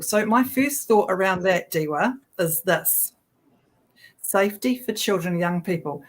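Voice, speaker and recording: A woman's voice: mid-range voice, moderate pace. A woman with a New Zealand accent co-hosting a political livestream, chatty and sarcastic, often restarting her sentences. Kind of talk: casual political talk show.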